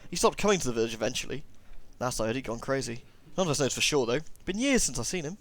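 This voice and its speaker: A man's voice: a little high, sing-song, rapid-fire. A man voicing a chatty old male villager in a folksy rural comedy accent, raised well above his own voice. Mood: gossipy. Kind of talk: comedy voice in a game playthrough.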